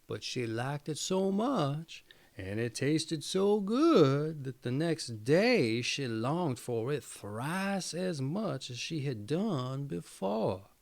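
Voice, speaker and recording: A man reading a fairy tale aloud in an expressive, swooping storytelling manner. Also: on the high side, slow, creaky.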